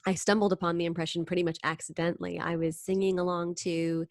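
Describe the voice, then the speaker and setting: An actress and impressionist talking about her craft in a casual interview, animated and quick to slip into voices. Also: lowish voice, dry recording, clean studio sound. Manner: animated, slips into sung impressions.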